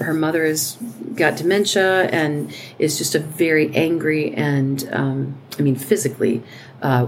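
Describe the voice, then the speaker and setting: A woman talking in a warm, earnest way in a casual chat, pausing and restarting often as she speaks. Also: a bass voice, slight background noise. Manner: earnest, halting, many restarts and fillers. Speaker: podcast co-host.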